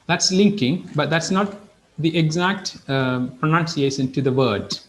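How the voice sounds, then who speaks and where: A man's voice: fairly high pitch, a little slow, a bit bright, slight background noise, rough recording. A man teaching English pronunciation in an online class, explaining with repeated example phrases.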